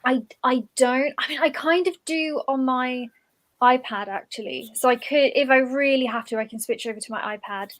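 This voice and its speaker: A woman writer with a slightly posh English accent, chatting casually in a soft-spoken, low-key way. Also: normal speed, poor audio. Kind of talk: casual chat.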